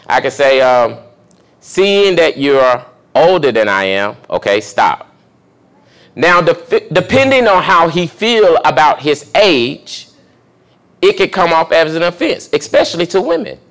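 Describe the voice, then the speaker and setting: Young guy pastor teaching a sermon, kinda high voice, chatty, keeps asking the room questions. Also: big pitch swings, a little slow, fairly bright tone. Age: young adult. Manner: conversational preaching, asks the congregation questions.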